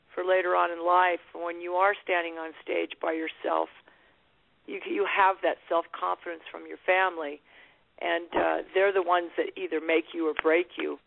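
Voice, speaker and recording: A woman's voice: fairly low pitch, vocal fry, no room sound. A woman guest musician talking candidly in a phone interview, restarting her sentences and laughing often. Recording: tinny phone line.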